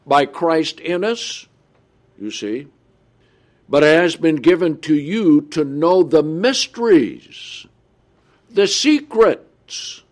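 Slow, deliberate male preacher reading scripture. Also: fairly high pitch. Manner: reads scripture aloud slowly, then comments with asides; often checks in with the listeners. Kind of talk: Bible study sermon.

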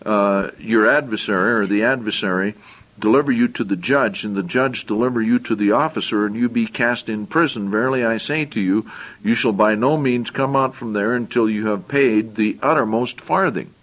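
A man's voice: on the low side, normal speed, a bit bright, highs cut off. A man preaching a sermon. He reads scripture aloud and explains it in plain, conversational asides, often repeating and restarting phrases.

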